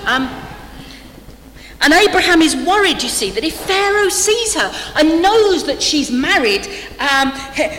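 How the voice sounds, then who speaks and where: A woman delivers a sermon in a conversational, humorous way, slipping in dry asides to her congregation. Her voice sits a little high. The hall around her rings with long reverb and a faint room hum. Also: a bit bright. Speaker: preacher. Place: church hall. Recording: echoey church hall, faint ambience.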